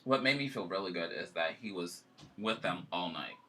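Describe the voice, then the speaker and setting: Man, casual chat host, very bright tone, lively pitch, emotional storytelling. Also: normal speed.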